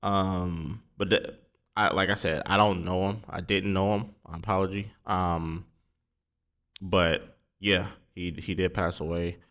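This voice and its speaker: Low-voiced man hosting casual sports talk. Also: fairly even intonation, slow, a bit bright. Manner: rambling, filler-heavy, informal. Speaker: sports podcast host.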